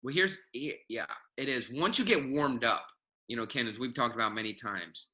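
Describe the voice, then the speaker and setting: Animated bright-voiced man on a call. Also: mid-range voice, moderate pace, low-quality recording. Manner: animated, self-mocking, acts out quoted voices. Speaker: mentor guest. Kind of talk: casual video call chat.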